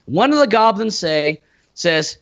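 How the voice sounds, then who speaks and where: A man co-hosting a casual podcast, retelling scenes in an animated way and acting out the characters' lines. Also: high-pitched, measured pace. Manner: animated storyteller, acts out quotes. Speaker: podcast co-host.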